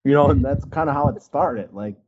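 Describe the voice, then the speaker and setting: A man's voice: medium pitch, brisk, breathy edge, narrow, tinny audio. A man from Wisconsin telling a casual story on a video call, rambling with lots of likes and you-knows and acting out quotes. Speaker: guest artist.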